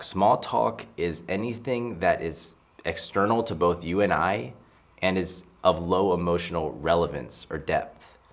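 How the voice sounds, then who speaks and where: Low-voiced man coaching social skills. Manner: emphatic, acts out example lines. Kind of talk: casual advice talk to camera.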